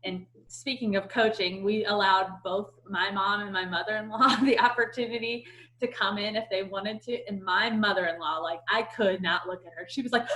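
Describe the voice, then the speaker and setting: A woman's voice: medium pitch, moderate pace, rough recording. Chatty woman on a coaching team call. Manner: chatty, many "like" fillers, animated quoted voices. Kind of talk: casual chat.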